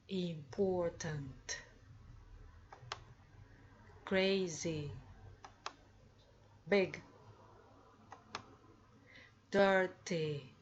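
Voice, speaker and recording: A woman teaching English with a fairly low voice, speaking very slowly and deliberately and pausing to ask her listeners if they follow. The recording sounds dull and lo-fi, with a faint hiss behind her. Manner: slow, deliberate, asks learners rhetorical questions. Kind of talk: slow classroom explanation.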